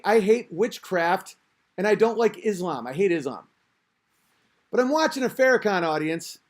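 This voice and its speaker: A man hosting a podcast, talking in a rambling, crude, self-interrupting casual rant. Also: high-pitched. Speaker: podcast host.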